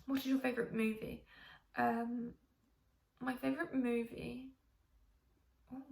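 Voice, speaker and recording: A woman chatting with a gravelly edge. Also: a little high, flat delivery, a little slow. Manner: chatty and rambling, many ums and restarts. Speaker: vlogger. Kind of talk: casual chat to camera. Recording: echoey room, faint hiss.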